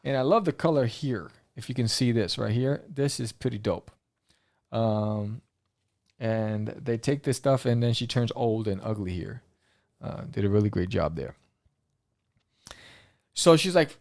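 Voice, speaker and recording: Guy gushing about a comic on his podcast, kinda gravelly, lots of ums, dry close sound. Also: medium pitch, measured pace, no room sound. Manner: excitable, rambling, full of fillers and restarts. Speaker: podcast host reviewing comic books. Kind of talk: casual comic book review.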